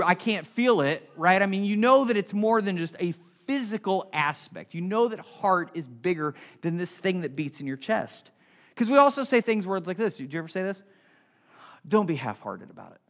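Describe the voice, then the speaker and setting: A middle-aged male pastor preaching a sermon in a conversational style, acting out little everyday scenes as he goes. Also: sits high. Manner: animated, conversational preaching with acted-out asides.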